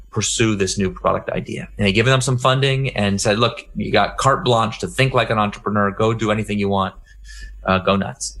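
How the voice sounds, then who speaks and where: Man telling a business anecdote. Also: fairly low pitch. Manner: animated anecdote, acts out dialogue in raised voice. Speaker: keynote speaker. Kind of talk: conference talk storytelling.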